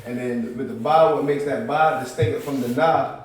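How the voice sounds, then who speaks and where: A man's voice: mid-range voice, fairly even intonation, moderate pace. Male student, respectful and affirming, off-mic in a reverberant room with faint hiss. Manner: affirming, answers "yes, sir" and "come on". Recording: echoey room from a distance, faint noise.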